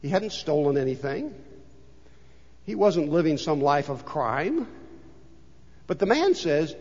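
An older man preaching a sermon as a pastor, swinging between loud emphasis and hushed asides. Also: on the high side, very animated, takes it slowly, pauses often, breathy edge. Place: church sanctuary. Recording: dull reverberant church recording.

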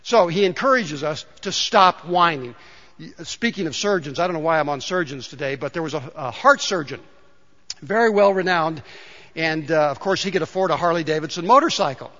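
Brisk and animated, a pastor with a bright, forceful, somewhat high voice delivers a sermon in the sanctuary, cracking a joke as he climbs to emphatic calls to his flock. Long hall reverb and a dull sound color the recording.

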